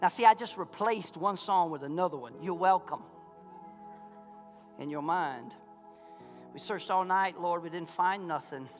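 A man pastor preaching a sermon in a church, folksy, calling out to his congregation, swinging from loud fervor to quiet intensity. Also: high-pitched, measured pace, pauses often, faint music behind. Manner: impassioned, rising to shouts and dropping to quiet. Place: church sanctuary.

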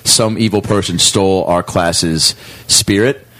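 Male podcast host, deep voice, laid-back storyteller. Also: steady tone, unhurried, a bit bright. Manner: storytelling, joking. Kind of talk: casual chat. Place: home in Seattle.

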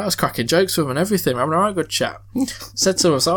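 A man's voice: a little high, expressive, quick pace, fairly bright tone, slightly rough. A young man hosting a podcast, telling stories in casual chat, swearing freely and laughing often. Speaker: podcast host. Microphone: headset mic with headphones.

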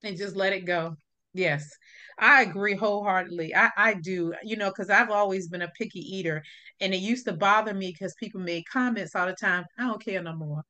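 Bright emphatic woman host. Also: medium pitch, a little fast. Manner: emphatic, agreeable, asks prepared questions. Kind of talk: casual chat.

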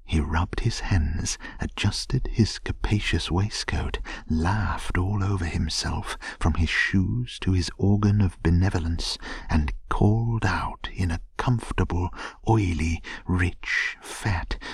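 A man gently narrating a classic tale as a soothing bedtime story in a soft, hushed, half-whispered way. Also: sits low, slow pace, gravelly, slightly rough, dry recording, studio quality.

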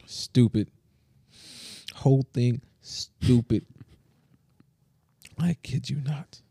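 Slangy, animated male podcast storyteller. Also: medium pitch, very slow, vocal fry, husky, dry recording, studio quality. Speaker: podcast co-host. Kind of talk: casual chat. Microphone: close to the mic.

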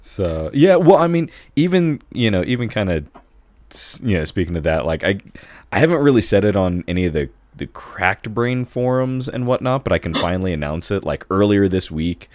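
A man with a fairly low voice chats casually as a podcast co-host. He rambles and stacks up fillers as he goes. The sound is close and dry, with no room echo. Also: very animated, normal speed, a little mellow. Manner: rambling, heavy on fillers like "like" and "you know". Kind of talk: casual chat.

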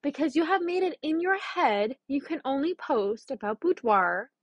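A young adult woman hosting her own podcast, talking in a chatty, blunt and animated way, with the odd swear word. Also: sits high, moderate pace, no room sound, highs cut off. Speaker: podcast host. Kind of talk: casual solo podcast monologue.

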